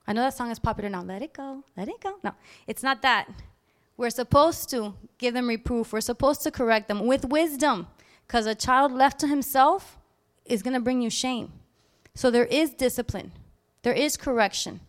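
A woman preaching a sermon in a lively, animated way, acting out little scenes sudden loud outbursts. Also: a little high, moderate pace.

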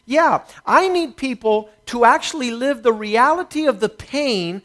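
A middle-aged man preaching a sermon, telling a personal testimony and swinging between quiet reflection and rising intensity. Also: very high voice, animated, unhurried.

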